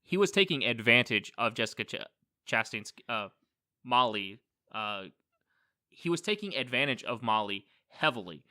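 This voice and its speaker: A man's voice: medium pitch, expressive, moderate pace, sharp tone. A man co-hosting a podcast, chatting loosely about a movie, rambling and swearing casually. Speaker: podcast co-host. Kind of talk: casual movie review chat.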